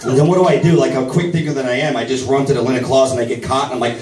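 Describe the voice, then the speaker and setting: A middle-aged man doing a crude, rambling stand-up set for a live audience, bursting into shouted voices for his own reactions. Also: mid-range voice, steady tone, racing. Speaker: stand-up comedian. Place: comedy night at a vape shop, live audience. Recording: roomy live venue, mic from a distance, crowd noise. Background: audience laughter and clapping.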